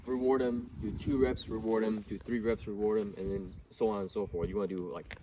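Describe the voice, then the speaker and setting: Dog trainer explaining from a distance outdoors. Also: male voice, brisk. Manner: relaxed explaining, bursts of high-pitched praise to the dog. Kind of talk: casual outdoor training lesson. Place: outdoors in a neighborhood. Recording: distant mic, faint outdoor noise.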